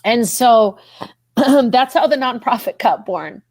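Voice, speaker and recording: An earnest woman gives a heartfelt personal testimony on a podcast. Her voice sits a little high and climbs further as she is moved, and she circles back over her own words. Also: lively intonation, takes it slowly, darkish tone, dry recording. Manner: earnest, repeats herself, voice rises when moved. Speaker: podcast guest.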